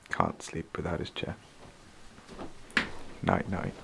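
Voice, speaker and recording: A man's voice: sits low, very animated, slow, gravelly, pauses often. A young man trading dry, mock-exasperated quips with a friend behind the scenes of a homemade video. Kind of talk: joking behind-the-scenes banter. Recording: distant, echoey room with noise.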